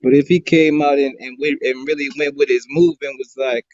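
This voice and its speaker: A man's voice: mid-range voice, fairly even intonation, a little fast, a little mellow, dry recording. A man co-hosting a casual sports debate, talking in a rambling, profane way with many restarts. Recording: dull, slightly muffled audio.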